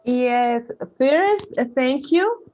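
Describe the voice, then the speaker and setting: Hesitant woman speaking slowly, slightly high voice. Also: expressive, crowd noise. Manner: hesitant, searching for words. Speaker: language student. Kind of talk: casual conversation. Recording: muffled video call audio.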